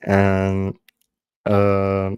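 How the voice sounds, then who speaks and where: A man with a French accent, a native French speaker hosting a panel podcast in casual chat, halting and restarting often. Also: low voice, monotone, a little mellow, smooth, no room sound. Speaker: podcast host.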